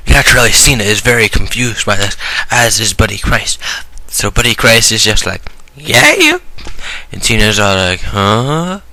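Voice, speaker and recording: Vlogger man, deadpan rambling storyteller with a very bright, sharp tone. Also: on the low side, no room sound, poor audio. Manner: deadpan rambling, drops to mumbles. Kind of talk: absurd improvised storytelling.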